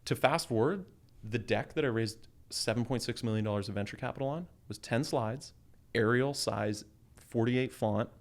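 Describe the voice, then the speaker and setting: A man in his thirties from Canada, casually telling a business story in an interview, animated and quick to laugh. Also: mid-range voice. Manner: animated storyteller, acts out quoted voices with laughs. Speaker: guest entrepreneur.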